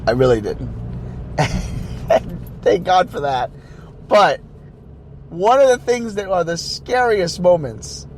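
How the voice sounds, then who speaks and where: A man hosting a podcast, telling a dating story casually in an animated way, stumbling and restarting as he acts out the dialogue. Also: high-pitched, a little hiss or hum. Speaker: podcast host.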